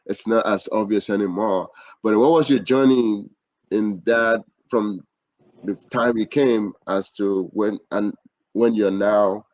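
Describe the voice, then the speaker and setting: A man with a low voice hosts a podcast and asks his guest questions in an encouraging way. The sound is dry and close. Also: steady tone, slow, a little mellow, no room sound, lo-fi sound. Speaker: podcast host. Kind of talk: interview questions.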